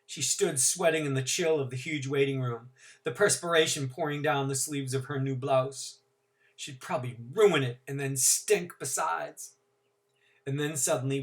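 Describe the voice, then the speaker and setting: A man teacher reading a novel aloud to his class, with expressive, dramatic emphasis. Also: mid-range voice.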